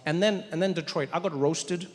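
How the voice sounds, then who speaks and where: A man doing stand-up comedy, an animated storyteller who jumps into voices and repeats words for emphasis. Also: fairly high pitch, brisk, a little hiss or hum. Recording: long reverb of a large venue, faint ambience.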